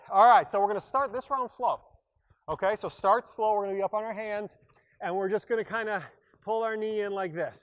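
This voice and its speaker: A fitness instructor with a high-pitched voice leads a workout class in an exercise room, talking a little fast in an upbeat, joking way and sometimes breaking off mid-sentence. The audio sounds lo-fi.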